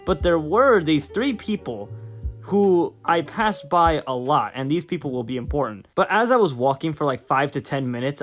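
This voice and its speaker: A young man telling a story on his vlog, ranting, exasperated and swearing a lot. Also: on the high side. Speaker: vlogger.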